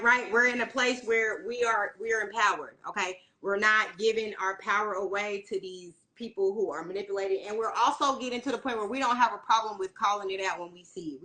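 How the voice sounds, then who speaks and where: Bright, emphatic woman tarot reader. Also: mid-range voice, poor audio. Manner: profane, emphatic, keeps asking "you see what I'm saying"; preachy, encouraging, spiritual. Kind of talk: casual livestream tarot talk.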